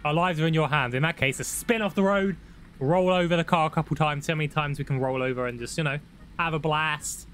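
A young man giving excitable, laddish commentary on a road trip game with friends. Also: a little high, quick pace, a little hiss or hum. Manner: excitable, shouts when startled, laddish banter. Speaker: gaming YouTuber. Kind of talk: casual gameplay commentary.

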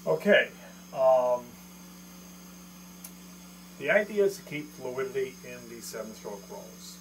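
A man's voice: mid-range voice, lively intonation, slow pace. A man teaching a drum lesson in a casual, joking, self-deprecating way, counting strokes aloud. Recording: noisy room with mains hum and drums.

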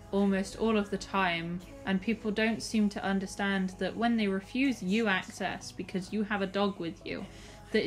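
A woman's voice: medium pitch, rough recording. Frank woman vlogging. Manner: frank and exasperated, with frequent restarts. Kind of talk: casual talk to camera.

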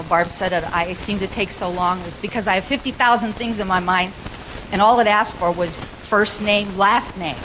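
A woman pastor with a mid-range voice delivers a sermon as a lively, conversational story. She acts out the people in it as she talks. The live church recording has clear, steady background noise. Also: mid-range voice. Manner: chatty, animated storytelling with acted quotes.

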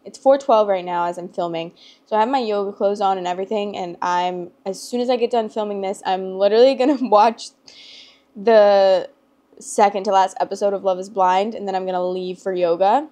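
A woman's voice: mid-range voice, fairly quick. A young adult woman hosting her storytime channel, talking in a chatty, rambling, emotional way with lots of "like" fillers. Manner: chatty and rambling, heavy use of "like"; emotional and expressive. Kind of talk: casual chat to camera.

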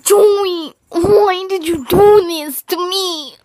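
A woman putting on a jealous young woman who wails and shouts in mock tears. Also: extremely high pitch, drawn-out words, no echo, studio quality, voice pushed up, heavily acted. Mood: wailing jealous. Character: shrieking jealous young woman, sobbing and furious.

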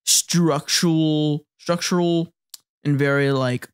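Speaking at normal speed with a medium pitch, a man co-hosts a podcast where he casually recaps an anime. He laughs a lot and performs lines from the characters.

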